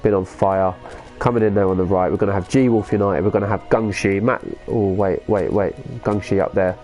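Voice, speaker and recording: A man, chatting casually as a live streamer, reacting excitedly and reading viewer comments aloud. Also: low voice, fairly quick, soft background music. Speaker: gaming streamer.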